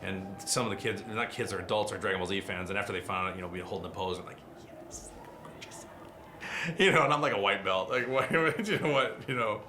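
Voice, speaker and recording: A middle-aged man, a voice actor, telling animated stories in a casual interview. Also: on the low side, a little hiss or hum. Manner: fast, animated anecdotes with quick asides.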